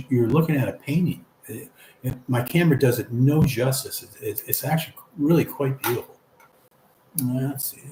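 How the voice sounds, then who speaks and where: A man talks through a live stream at an everyday pitch, reading viewer comments aloud and answering them in a friendly, encouraging way. The sound is roomy and echoey, with a faint ambient hum behind his voice. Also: a little mellow. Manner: reads comments aloud and chuckles along, chatty and encouraging. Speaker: livestream host reading viewer chat. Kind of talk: casual livestream chat.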